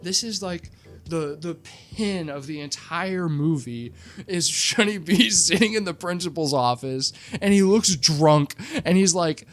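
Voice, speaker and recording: A comedic movie reviewer tells a film's plot with sarcastic, animated storytelling and lots of "like" fillers. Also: mid-range voice, unhurried. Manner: frequent "like" fillers.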